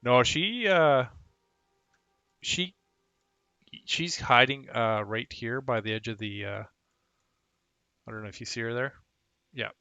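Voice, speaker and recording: A man narrating as game master of a tabletop game, in a halting way with many fillers. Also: mid-range voice, creaky, sharp tone, smooth, no room sound, lo-fi sound.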